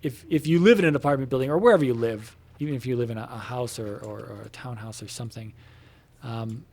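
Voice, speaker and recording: A man speaks from his home computer room as he plays, voice pitched in an ordinary middle range. His talk wanders, full of fillers and restarts and casual swearing, with quick asides to the game in front of him. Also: a little mellow. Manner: meandering, filler-heavy, swears casually, breaks off to comment on the game. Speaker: gamer talking to viewers while playing. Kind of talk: casual rambling chat while gaming.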